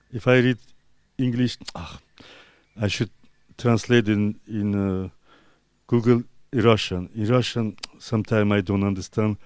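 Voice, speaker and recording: A man from Azerbaijan whose first language is Talysh, an artist answering interview questions in halting, broken English full of pauses and fillers. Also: lowish voice, a little mellow, clear, resonant tone, no room sound, clean studio sound.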